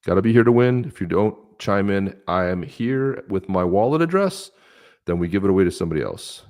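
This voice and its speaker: A man's voice: low-pitched, animated, fairly quick, darkish tone. A man co-hosting a live stream podcast, ranting about politics with many fillers and restarts. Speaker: podcast co-host.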